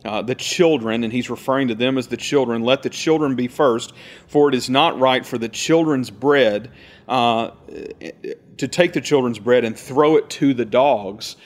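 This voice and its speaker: A man preaching in a relaxed, talky way, circling back and repeating himself as he unpacks a passage. When he reads the verses aloud he slows right down and weighs each word. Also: mid-range voice. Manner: conversational, explains verses with repetitions and restarts; reads scripture slowly and deliberately. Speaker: pastor. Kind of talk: sermon.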